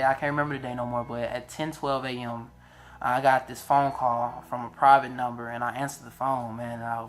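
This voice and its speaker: A young man, telling a heartfelt personal testimony in a casual, animated way, often praising God. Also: mid-range voice. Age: 20s. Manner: animated, emotional, religious. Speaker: vlogger.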